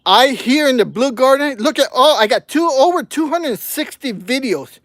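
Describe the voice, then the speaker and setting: A man's voice: very high-pitched, lively intonation, normal speed, a bit bright, no echo. A man in his sixties hosting a gardening livestream, sounding short of breath with words cut off, ranting bluntly and reading viewer comments aloud. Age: 60s. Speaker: gardening channel host.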